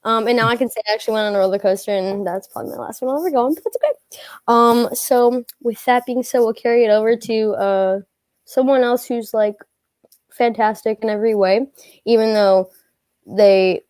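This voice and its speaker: A young woman, a guest singer telling a lively story and acting out the other people's voices. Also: on the high side, fairly quick, no echo. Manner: animated, acts out voices in her story. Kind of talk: casual storytelling.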